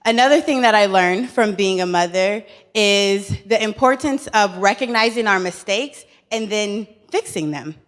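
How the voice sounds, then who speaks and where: A woman's voice: mid-range voice, moderate pace, hardly any pauses. A woman in her thirties, a conference speaker telling personal stories in an earnest, humorous way, with some repeated words. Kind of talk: personal keynote speech.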